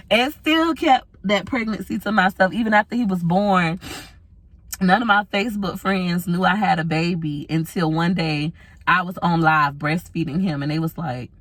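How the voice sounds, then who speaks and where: A woman in her thirties vlogging, candidly telling a personal story to camera, tearful, with long pauses. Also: lowish voice, steady tone, fairly bright tone, no echo. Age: 30s.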